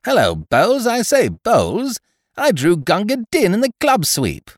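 Brief: male reader doing an excitable young gent, high and swooping, in a dry storybook reading. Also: normal speed, no room sound, full character voice. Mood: jovial. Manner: bright, eager exclamations, flustered outbursts. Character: excitable young gentleman, flustered and jovial.

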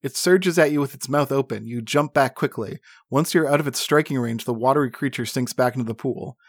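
A man narrating a gamebook for his friends, reading with drama and jokey asides. His voice is mid-pitched and sits close and dry on the mic, with no room sound. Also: brisk, dry recording. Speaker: game narrator.

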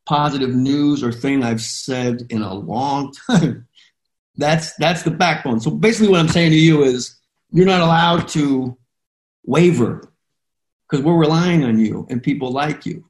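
A man's voice: on the high side, unhurried. A man hosting an interview show, talking in a passionate, rambling and emotional way. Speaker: podcast host. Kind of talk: interview conversation. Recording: roomy echo.

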